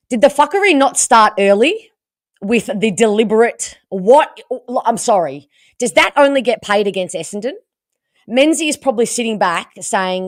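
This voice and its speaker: An Australian woman hosting a casual livestream, hoarse from losing her voice and chatting with viewers about the game. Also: a little high, no echo, clean studio sound. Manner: chatty and animated, reading out viewer comments. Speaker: livestream host.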